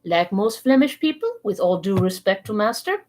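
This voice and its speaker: Calm philosophical young manservant, deferential, lively pitch, as a woman reads him in a storybook. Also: normal speed, natural voice. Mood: serene. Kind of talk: read-aloud storybook voice.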